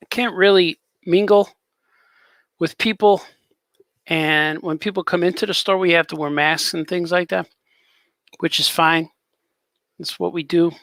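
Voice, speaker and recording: A man's voice: sits high, fairly bright tone, dry recording. A man hosting a casual live stream as a cartoonist, rambling in an easygoing way and chatting with viewers.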